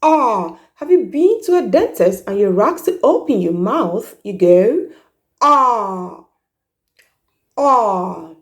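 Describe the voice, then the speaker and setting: A woman's voice: fairly high pitch, very animated, a little slow, few pauses, a little mellow. A woman teaching pronunciation, carefully enunciating and drawing out each sound she demonstrates. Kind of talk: slow, deliberate pronunciation lesson.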